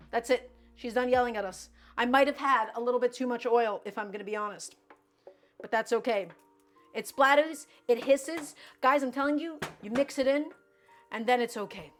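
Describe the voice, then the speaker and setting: A woman streaming from her home kitchen, chatting and coaching viewers through each cooking step. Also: sits high. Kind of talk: live-stream cooking chat.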